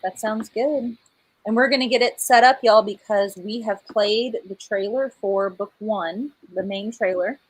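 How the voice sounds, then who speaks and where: A woman's voice: medium pitch, a little slow, slightly rough, low-quality recording. A woman author hosting a live book premiere, chatting casually, laughing often and saying "y'all". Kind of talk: casual livestream chat.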